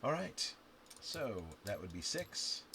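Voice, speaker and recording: A man playing a dice game on camera, counting scores aloud and chatting to the viewer with sudden loud outbursts. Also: lowish voice, takes it slowly, vocal fry. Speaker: game instructor. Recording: steady background noise with clicks and typing.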